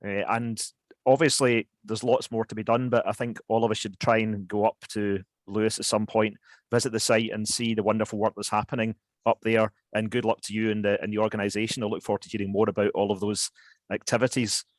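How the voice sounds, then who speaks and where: A man hosting an online question session, halting and apologetic with many fillers. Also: fairly low pitch, little pitch movement, no echo. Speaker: event host. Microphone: video call.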